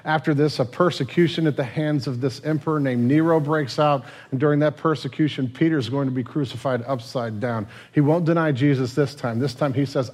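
A man preaching a sermon, retelling a scripture story in a casual, conversational way, swinging from loud and lively to hushed and tender. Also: mid-range voice, brisk, hardly any pauses. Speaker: pastor.

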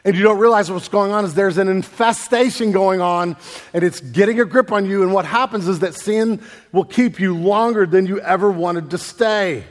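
A pastor preaching with a high, bright-pitched voice, swinging from a soft hush to loud, mocking asides. He keeps it casual and animated, using slang and acting out voices. His words ring out with a long reverb through a church hall. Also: moderate pace. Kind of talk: sermon.

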